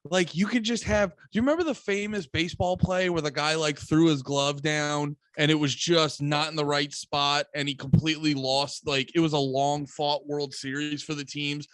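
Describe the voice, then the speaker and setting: A man co-hosting a casual podcast, animated, laughing and swearing often. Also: on the high side, normal speed, few pauses, no echo. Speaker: podcast co-host.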